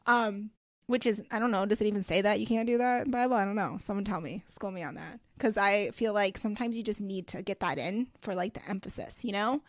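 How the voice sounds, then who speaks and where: A woman's voice: medium pitch, fast, no echo, clean studio sound. A woman, hosting her own podcast in a bubbly, gushing chat full of "like" and "you know". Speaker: podcast host. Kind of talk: casual solo podcast chat.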